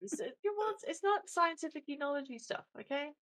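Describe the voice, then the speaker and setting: A woman's voice: high voice, animated, a little fast, fairly bright tone. A woman co-hosting a podcast in casual chat, rambling and self-deprecating, full of fillers and restarts. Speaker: podcast co-host.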